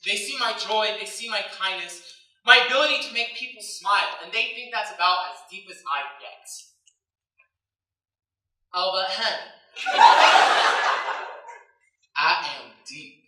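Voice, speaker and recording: A man performing a comic spoken word poem on a school stage, ranting loudly with shouted outbursts, heard through a distant mic in an echoey hall. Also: high voice, moderate pace, a little hiss or hum. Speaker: slam poet.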